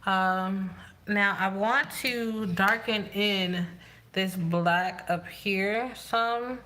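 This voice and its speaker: A woman beauty vlogger doing her makeup on camera and talking at an unhurried pace. She rambles and thinks out loud, half to herself and half to her viewers, in a mid-pitched voice. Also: a little hiss or hum. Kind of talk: casual chat while doing makeup.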